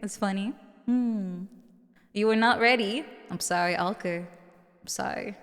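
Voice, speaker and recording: A woman's voice: mid-range voice, unhurried, a bit bright, big-room sound. A woman streamer with a mature-sounding voice, chatting casually with viewers and giggling often.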